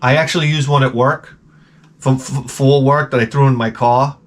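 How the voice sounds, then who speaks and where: A middle-aged man telling stories in a casual vlog, profane and animated, ranting and acting out his own exasperated reactions. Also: medium pitch, moderate pace. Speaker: vlogger showing garage sale finds.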